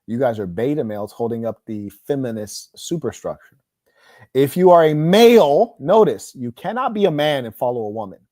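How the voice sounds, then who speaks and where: A man's voice: medium pitch, sing-song, normal speed, dark tone, dry recording, studio quality. A man hosting an online livestream, delivering a combative monologue in a boastful, scornful, preachy way. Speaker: online show host.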